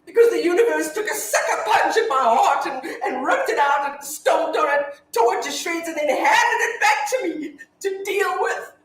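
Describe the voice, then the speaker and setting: An actress playing a grieving, foul-mouthed widow in a staged reading, telling her story from hushed to shouting. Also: extremely high pitch, expressive, normal speed, few pauses. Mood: defiant. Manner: confessional monologue, swinging from hushed to shouting. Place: theatre stage. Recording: echoey hall from far off.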